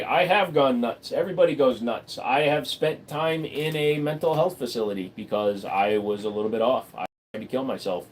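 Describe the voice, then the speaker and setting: A man hosting a casual livestream from a room at home, answering viewers' questions with blunt, deadpan, crude humor. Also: a little high. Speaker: livestream host. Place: room at home full of computer gear.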